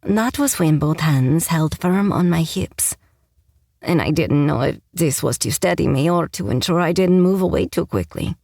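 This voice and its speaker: A woman's voice: sits low, expressive, moderate pace, gravelly, a little mellow, no echo. A woman narrating a first-person romance audiobook with a wry, sarcastic tone, on a close mic.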